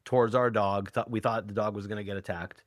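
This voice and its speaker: A man's voice: on the low side, fairly even intonation, brisk, no room sound, clean studio sound. A middle-aged man, a hypnotherapist and author, speaking earnestly and reflectively as an interview guest. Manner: earnest, reflective, acts out quoted lines. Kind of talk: conversational interview.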